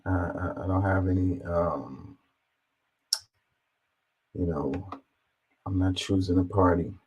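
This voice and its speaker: A man's voice: low voice, fairly even intonation, takes it slowly, a little mellow, husky, muffled recording. A man giving casual, amused reaction commentary on video clips, with a laid-back delivery and lots of fillers.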